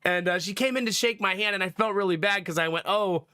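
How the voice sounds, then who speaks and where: A man's voice: high voice, fast, bright, forceful tone, clean tone, no room sound, clean studio sound. A man with a cold, telling a story to his stream chat in a casual, laughing way. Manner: chatty storytelling, laughs often, acts out quotes. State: has a cold.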